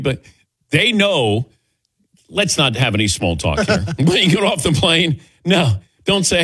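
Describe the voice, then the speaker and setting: A male radio host with a bright, forward tone that jumps up and down as he tells his stories. He acts out the people in them and laughs often, and the mic is close and dry. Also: on the high side, moderate pace, husky, no echo. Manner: animated storyteller, acts out quotes, laughs often. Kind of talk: casual on-air banter.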